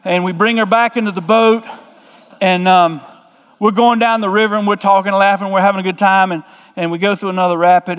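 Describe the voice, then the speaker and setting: A man's voice: sits high, fairly even intonation, fairly quick, a bit bright, clean tone, long reverb tail. A man, a pastor telling a story in a folksy, joking sermon.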